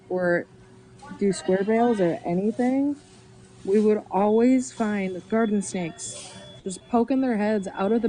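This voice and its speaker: Chatty woman streamer, mellow voice. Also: mid-range voice, poor audio. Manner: chatty, laughs often, reads chat aloud. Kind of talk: casual live-stream chat.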